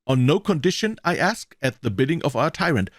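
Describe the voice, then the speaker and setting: A man's voice: a little high, big pitch swings, fairly quick, no room sound, clean studio sound. A man with a German accent voicing a defiant, starving Greek prisoner who indignantly refuses his captors.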